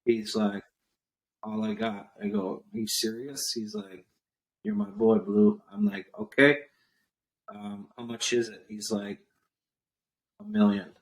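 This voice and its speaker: A guest entrepreneur on a podcast tells a business story in a storytelling interview chat, animatedly acting out what others said. His voice is lowish, with a measured pace and frequent pauses.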